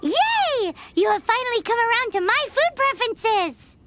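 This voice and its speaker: A woman's voice: sing-song, unhurried, fairly bright tone, full character voice. A woman voicing a tiny, chirpy, food-loving female companion creature in a game cutscene, who speaks of herself by name. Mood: playful. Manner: refers to herself by name, squeaky and indignant. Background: game music.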